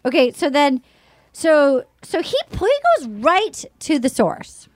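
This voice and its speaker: Woman host recapping stuff, high voice, super lively, dry close sound. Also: takes it slowly, dry recording. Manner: animated, storytelling with acted-out quotes. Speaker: podcast host. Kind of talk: casual chat recapping a TV show.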